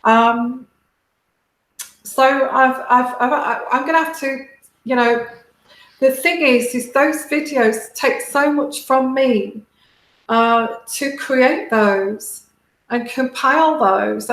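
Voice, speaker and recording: Slow-talking British woman, tearful. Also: a little high, a bit bright, roomy sound, rough recording. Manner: halting, many restarts and fillers, heartfelt. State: close to tears. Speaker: tarot reader and livestream host. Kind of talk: casual livestream talk to viewers.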